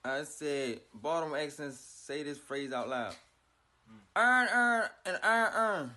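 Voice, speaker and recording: A woman with a bright, tense voice keeps saying words aloud in a casual social media clip. Her voice swings up and down a lot as she plays with the sounds. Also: low-pitched, expressive, unhurried. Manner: playful, repeating words aloud.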